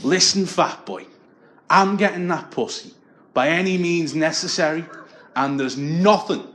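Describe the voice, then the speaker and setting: A man's voice: a little high, a little slow, fairly bright tone, pitched above the performer's own voice. A man doing a boastful, menacing nightclub lad. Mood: aggressive. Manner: menacing, crude bragging. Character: big boastful nightclub lad, aggressive and crude.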